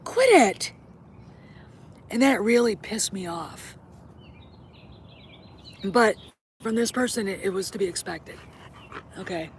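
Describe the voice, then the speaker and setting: A woman's voice: mid-range voice, unhurried, long pauses, a little hiss or hum. A middle-aged woman chatting casually to her viewers, blunt and opinionated, swearing freely. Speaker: host. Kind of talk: casual vlog chat.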